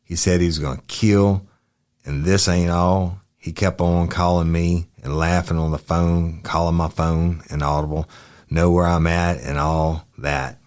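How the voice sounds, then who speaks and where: A man reading the lines of a young male witness answering detectives in short, halting, deferential replies. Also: low-pitched, little pitch movement, darkish tone.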